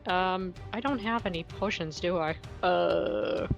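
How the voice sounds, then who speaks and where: A woman's voice: lowish voice, slow, vocal fry, faint music behind. A woman player in a tabletop game, describing her turn in a rambling, unsure way with laughs. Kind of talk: casual tabletop play.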